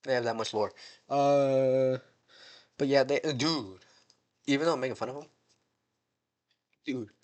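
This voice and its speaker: A young man from the United States talks through a wrestling show in a loose, rambling way. He jokes around, drifts between mock drama and everyday chat, and sits at an ordinary pitch for a man. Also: a bit bright. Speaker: wrestling show recap host. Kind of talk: casual chat.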